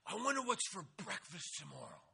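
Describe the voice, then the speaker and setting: A man voicing an odd, excitable teenage boy at camp who chatters eagerly. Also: high voice, fairly quick, vocal fry, slightly rough, voice pushed up, full character voice. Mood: gleeful.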